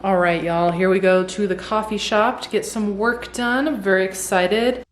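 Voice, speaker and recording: A woman from Colorado talking casually to camera in a vlog, relaxed and chatty, with easy slang and filler words. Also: medium pitch, normal speed, a little hiss or hum. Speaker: vlogger. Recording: background music under the voice.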